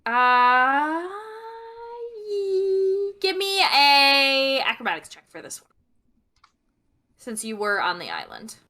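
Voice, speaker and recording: A young woman running a tabletop game as game master, chatty and narrating with many pauses and restarts. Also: fairly high pitch, big pitch swings, pushed and bright. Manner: chatty, lots of fillers and restarts while narrating.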